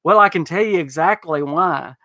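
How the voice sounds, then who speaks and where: A man's voice: a little high, normal speed, bright, forceful tone, no room sound. A man hosting a casual podcast, reading viewer comments in an easygoing way, with many fillers and restarts. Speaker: podcast host.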